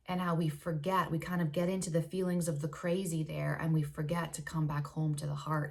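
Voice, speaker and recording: Woman, low voice, spiritual vlog, oracle card reading, earnest, gushing, drawn-out words, soft whispers. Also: creaky. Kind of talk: casual spiritual vlog talk.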